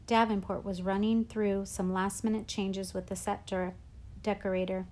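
A woman reading a first-person novel aloud with measured, expressive storytelling. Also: medium pitch. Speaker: audiobook narrator.

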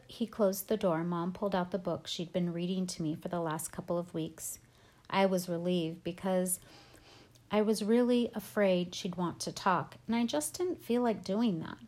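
A woman reading a novel aloud in first person, at a calm, steady pace with brief offhand asides. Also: mid-range voice. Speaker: audiobook reader.

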